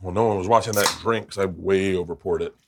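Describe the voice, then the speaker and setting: A man's voice: low-pitched, steady tone, fast talker, noisy background. A man hosting a casual cooking chat at home, joking and swearing freely. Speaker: host. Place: home kitchen.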